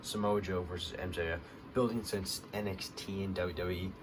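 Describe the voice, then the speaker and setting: A man with a deep voice walks through a wrestling show on his vlog at a moderate pace, wandering off track with plenty of fillers like "um" and "like." He hiccups, gets more fired up as the action builds, and steady background noise is audible throughout.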